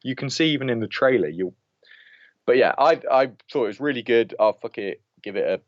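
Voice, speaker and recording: An expressive man with a mid-range voice co-hosts a podcast, talking briskly as he rants about a film he has strong opinions on. The chat is casual and full of restarts, and the lo-fi audio is dull but free of echo.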